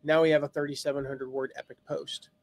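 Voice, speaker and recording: A man's voice: fairly high pitch, flat delivery, quick pace, creaky, dry recording. A man hosting a live online lesson, talking through ideas with many restarts. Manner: rambling, thinks aloud with many restarts. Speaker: host.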